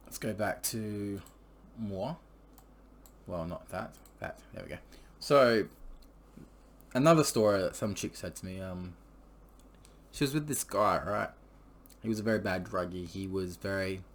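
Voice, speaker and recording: A man telling a story in a casual, crude and rambling way, full of swearing and fillers. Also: fairly low pitch. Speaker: vlogger.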